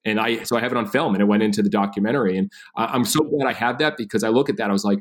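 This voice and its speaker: A man in his thirties tells his story as a podcast guest, talking fast with a slightly low voice. He acts out the people in his anecdotes and keeps an animated, casual flow. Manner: animated, acts out quoted dialogue.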